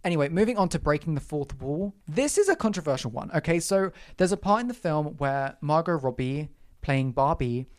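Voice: medium pitch, brisk. Campy, sarcastic podcast host ranting. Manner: animated, campy, sarcastic ranting with frequent asides. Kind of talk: casual solo podcast rant.

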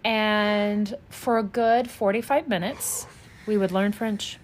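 A woman's voice: mid-range voice, fairly even intonation, takes it slowly, slight background noise. A woman from Louisiana co-hosting a podcast, telling stories in talkative casual chat. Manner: talkative, storytelling with fillers. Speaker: podcast co-host.

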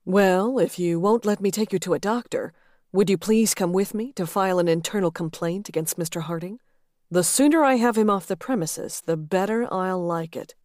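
A woman reader voicing a confident, flirtatious male executive with a calm, amused drawl. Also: medium pitch, moderate pace, dry recording, studio quality, lightly acted. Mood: assured.

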